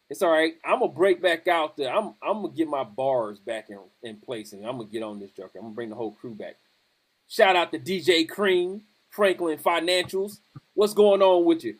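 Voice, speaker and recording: A man hosting a podcast, telling a lively military story in casual chat and laughing often. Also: a little high. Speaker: podcast host.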